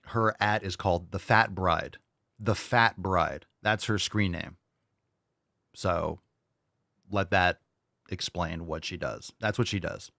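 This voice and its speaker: A man's voice: deep voice, fairly even intonation, slow, vocal fry, pauses often, pushed and bright, no echo, studio quality. A man hosting a show, ranting and mocking in combative, sarcastic commentary over video clips. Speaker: show host.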